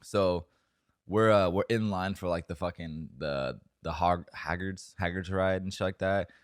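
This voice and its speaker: A young man with a very low voice tells a story on a podcast, wandering through fillers and swearing as he goes. The sound is dry and close, with no room around it. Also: measured pace, clean tone, no room sound. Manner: rambling, profane storytelling with many fillers. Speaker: podcast co-host. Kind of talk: casual storytelling chat.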